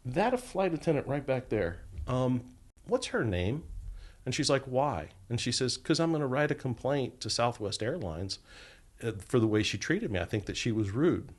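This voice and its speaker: A middle-aged man on a podcast, telling a long story and acting out the lines of the people in it. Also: fairly low pitch. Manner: animated storyteller acting out quoted dialogue. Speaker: podcast guest, former federal agent.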